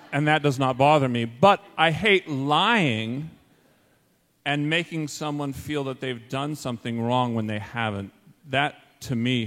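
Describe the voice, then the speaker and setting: A man, a school teacher, telling a funny personal story to an audience in an animated, self-mocking way. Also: medium pitch, long reverb tail.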